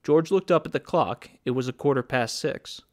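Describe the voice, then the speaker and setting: A man reading a story aloud as audiobook narrator, in plain, even storytelling. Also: mid-range voice, normal speed. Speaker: audiobook reader. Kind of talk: scripted narration.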